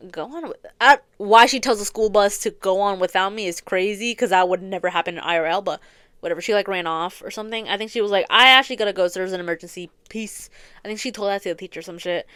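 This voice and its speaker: A young woman with a smooth, clear voice of middling pitch chats her way through a long story as a podcast host. She rambles, swears freely and leans on filler words. The sound is dry and close, with no room in it. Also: a bit bright, no echo. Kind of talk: casual storytelling chat. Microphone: close studio mic, audio only.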